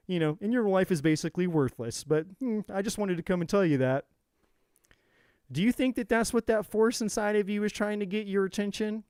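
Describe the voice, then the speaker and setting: A man talks to his viewers as a tarot reader in a fierce, preachy monologue, swearing freely and repeating his lines for force. His voice sits a little high for a man. The sound is close and dry, with almost no room echo. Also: brisk, a little mellow, smooth. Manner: intense, profane, preachy, repetitive. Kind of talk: motivational monologue.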